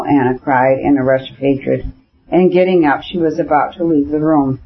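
A man narrating a classic novel in measured, even storytelling. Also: fairly high pitch. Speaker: audiobook narrator. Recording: dull lo-fi audiobook recording.

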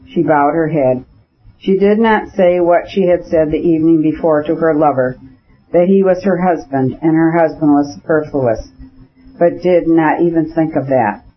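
A man narrating a classic novel in measured, even storytelling. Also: on the high side. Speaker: audiobook narrator. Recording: dull lo-fi audiobook recording.

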